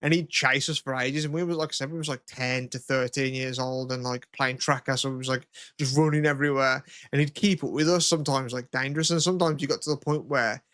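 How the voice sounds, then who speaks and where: A man's voice: mid-range voice, steady tone, fast, fairly bright tone, dry recording, studio quality. A young man from England, co-hosting a podcast and telling rambling, sweary stories with frequent laughs. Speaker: podcast co-host. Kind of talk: casual chat.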